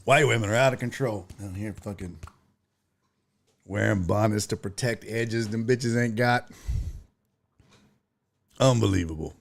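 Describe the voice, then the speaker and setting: A man's voice: on the low side, measured pace, gravelly, long pauses. A man hosting a casual live-stream talk show, reading chat messages and riffing with profanity and laughter.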